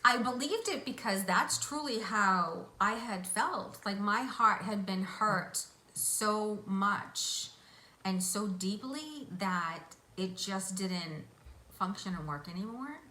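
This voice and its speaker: Bright-voiced woman telling a vivid story. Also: mid-range voice, expressive, slow pace. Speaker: interview guest. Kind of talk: recounting a hypnosis vision. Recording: echoey room, faint hiss.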